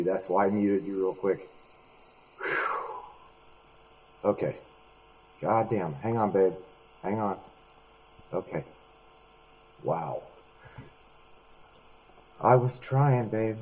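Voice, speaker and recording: A man pushes back over voice chat, exasperated and forever cutting in. His low, dark voice sounds husky, and the audio is dull and lo-fi. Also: expressive, slow pace, long pauses. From United States. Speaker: voice chat participant. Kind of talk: heated online debate. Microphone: computer mic in voice chat.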